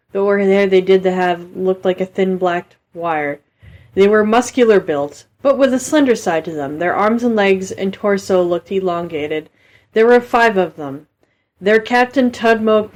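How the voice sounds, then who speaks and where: A woman reading a bad book aloud for laughs in a flat voice, with bored, dismissive asides. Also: medium pitch.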